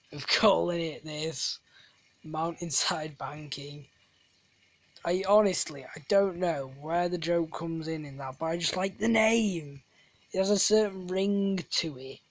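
A gamer chats loosely over their own play, drifting off into silly tangents and teasing themselves. The voice sits at an ordinary middle pitch, neither high nor low. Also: no echo. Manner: rambling, jokey, self-deprecating asides. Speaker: gamer, channel host. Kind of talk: casual gameplay commentary.

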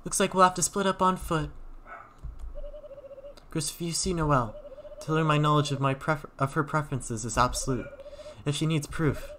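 Brief: haughty queen as a man puts her on, raised pitch, slow and grand. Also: fairly even intonation, bright, forceful tone, a little hiss or hum. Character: haughty queen, regal and theatrical.

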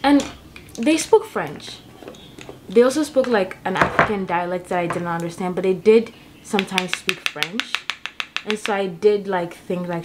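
A young woman vlogger talks to camera while getting ready in her apartment, spinning a long story full of fillers. Her voice is medium in pitch at a moderate pace, with slight background noise.

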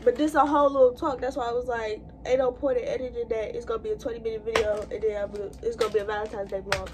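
A woman with a high voice, talking straight to her viewers as she gets ready. Her casual chat rambles from one thought to the next, recorded on a phone or camera held close. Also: fairly even intonation, rapid-fire, background noise. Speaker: vlogger.

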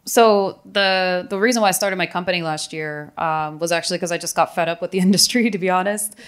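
Candid low-voiced woman panelist. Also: a little fast, smooth. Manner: candid storytelling, acting out quotes. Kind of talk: panel discussion. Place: conference room.

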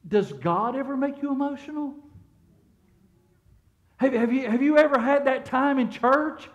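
A middle-aged pastor with a notably high voice delivers a sermon in a church. He talks in a loose, conversational way, stumbling and restarting as he goes, and keeps turning to the congregation with questions. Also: unhurried, highs cut off. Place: church sanctuary.

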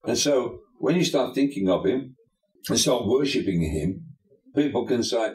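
A man's voice: medium pitch, animated, measured pace, a little mellow. An older man, a pastor and bishop, talking emphatically in an interview, full of folksy sayings. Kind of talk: preacherly interview talk. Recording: echoey room.

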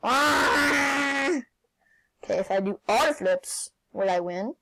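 A woman playing a video game and commenting as she goes, excitable, often shouting and laughing. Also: medium pitch, normal speed, rough recording. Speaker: gaming channel host.

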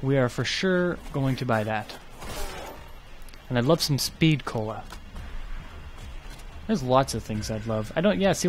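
A gaming YouTuber gives casual let's play commentary in a medium-pitched voice, chatting and thinking aloud as he plays. A little hiss or hum is audible.

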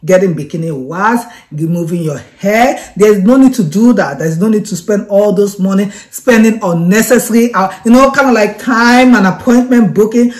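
Excitable woman reviewing a product. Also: mid-range voice, normal speed, hardly any pauses. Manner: chatty, repeats herself, excitable.

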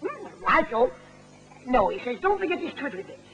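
A high, lively Lancashire man fussing and coaxing his way through a music hall puppet sketch. His voice swoops up and down as he chats away. The sound is dull and faintly hissy, like an old 1950 film soundtrack. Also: normal speed. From England. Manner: coaxing, fussy, chatting to a puppet.

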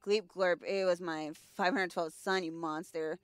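A woman voicing a smug, grandly menacing alien invader captain in a lowered, pompous voice. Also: fairly even intonation, smooth, no room sound, lightly acted. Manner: pompous, slow and low.

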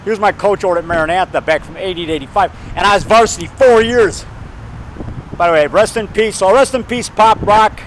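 A man in his fifties rambling excitedly while walking down a town street, talking to camera and calling the viewer brother and man. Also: sits high, a little fast, slight background noise. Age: 50s. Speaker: filmmaker vlogging. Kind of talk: rambling outdoor vlog.

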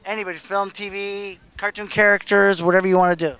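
A man's voice: high-pitched, level tone, fast talker, pushed and bright, clean tone. A man hosting comedy street interviews outdoors at a beach, playful and teasing. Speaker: comedian host.

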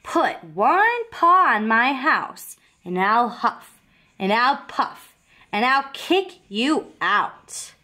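A woman voicing a rude, bossy little pig in a storybook, drawing out slow, taunting threats. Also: fairly high pitch, big pitch swings, bright, forceful tone, full character voice.

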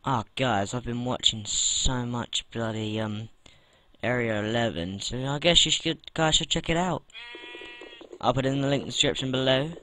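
A man's voice: medium pitch, moderate pace, bright, forceful tone. A man from the UK giving casual, rambling commentary while playing a game, with mild swearing. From United Kingdom. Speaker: let's play gamer.

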